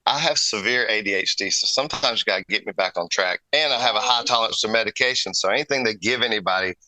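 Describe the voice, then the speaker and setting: A man's voice: on the low side, quick pace, sharp tone, dry recording, rough recording. A man guest on a podcast, an airbrush artist telling stories in casual, rambling chat, often breaking off and restarting his sentences. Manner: rambling, self-interrupting storyteller.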